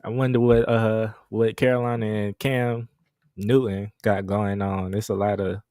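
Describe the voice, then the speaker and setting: Deadpan low-voiced man, dry close sound. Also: moderate pace, dry recording. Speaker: guest caller on a livestream. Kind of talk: casual chat.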